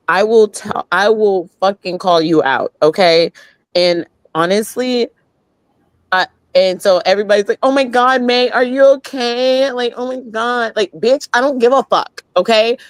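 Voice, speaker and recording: A woman's voice: mid-range voice, no echo. A woman guest on a talk roundtable, angry and swearing hard as she vents about politics. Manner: angry, profane, emphatic. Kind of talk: heated political rant.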